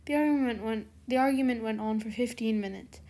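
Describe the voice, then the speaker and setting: A woman's voice: fairly high pitch, a little fast, dark tone. A young woman reading her own fan fiction aloud, scattered and self-deprecating in her chatty intro. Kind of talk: casual narration of a fan story.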